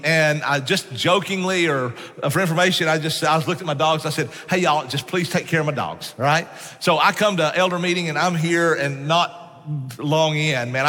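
A man's voice: a little high, pushed and bright, in a large hall. A man preaching a sermon, telling stories in a folksy way and often saying "man". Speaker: pastor. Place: church sanctuary.

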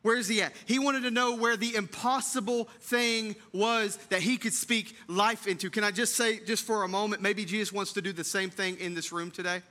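A high-pitched, bright-toned man preaching to his congregation. He drops to a hushed, tender hush and then climbs into fervent, repeated calls. His voice is forceful and ringing. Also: fairly even intonation, normal speed, few pauses. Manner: repeats phrases with emphasis, addresses the congregation as church. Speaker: pastor. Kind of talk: Easter sermon. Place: church sanctuary.

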